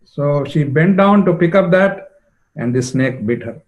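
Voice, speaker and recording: A man's voice: a little high, lively intonation, unhurried, rough recording. A man retelling a devotional story as a preacher, conversational with frequent fillers. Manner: conversational, many "you know" fillers.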